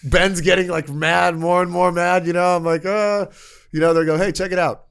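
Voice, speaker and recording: A man from Canada guests on a casual podcast, swearing freely as he tells a story. He acts out the other people's voices as he goes. His voice sits a bit higher than most men's. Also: normal speed, gravelly, smooth. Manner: profane, animated, acts out quoted voices.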